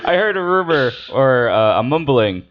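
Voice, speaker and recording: A man hosting a casual gaming podcast, talking in an animated way, with many fillers and laughs. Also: mid-range voice, normal speed. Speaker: podcast host. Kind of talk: casual podcast chat about games. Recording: dull lo-fi podcast audio.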